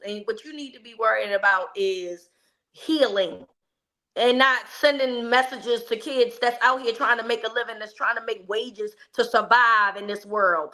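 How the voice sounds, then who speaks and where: Bright, sharp-voiced woman. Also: fairly high pitch. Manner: blunt, profane and scolding. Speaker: podcast co-host. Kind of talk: casual sports chat.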